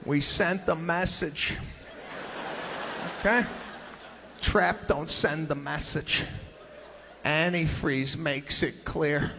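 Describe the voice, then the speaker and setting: Brief: male stand-up comic, higher voice, animated and exaggerated storytelling, noisy ambience. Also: drawn-out words, long pauses. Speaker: stand-up comedian. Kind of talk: stand-up comedy routine.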